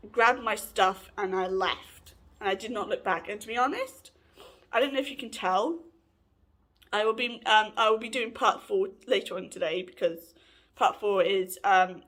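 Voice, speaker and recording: A woman's voice: medium pitch, fairly bright tone. Woman rambling through a personal story. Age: late 20s. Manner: rambling, self-correcting, chatty. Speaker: vlogger.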